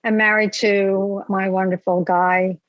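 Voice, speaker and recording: A woman's voice: mid-range voice, flat delivery, unhurried, dry recording. An older woman from New Jersey, a grandmother, talking as a podcast guest in a friendly, matter-of-fact way. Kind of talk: casual interview. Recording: dull dry remote line.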